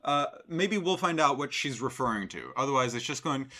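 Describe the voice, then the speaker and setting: A man's voice: mid-range voice, lively intonation, fairly quick, sharp tone. A man streaming live, reacting to a clip with sarcastic, rambling commentary full of fillers.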